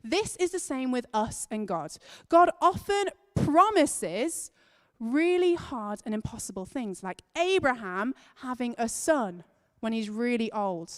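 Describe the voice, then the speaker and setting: Woman giving a lively kids' talk. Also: fairly high pitch, a little slow. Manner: emphatic, storytelling, stretching key words. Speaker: children's and families leader. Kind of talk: lively children's talk in church. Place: large church hall. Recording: long reverb of a church hall.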